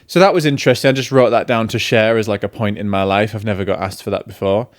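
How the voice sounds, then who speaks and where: Talking fast in a fairly low voice, a male film vlogger keeps things casual and self-mocking, often straying onto side topics.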